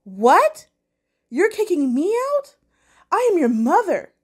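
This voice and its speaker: A woman's voice: very animated, slow pace, full character voice. A woman doing a tearful pleading mother. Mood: indignant. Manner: pleading, tearful, higher pitched. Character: distraught pleading mother, middle-aged woman.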